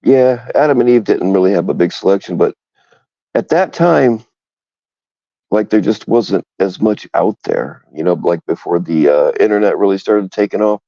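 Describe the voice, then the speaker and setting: A man's voice: sits low, expressive, normal speed, dark tone, no echo, lo-fi sound. A man co-hosting a crude casual chat, rambling and frank, and he laughs often.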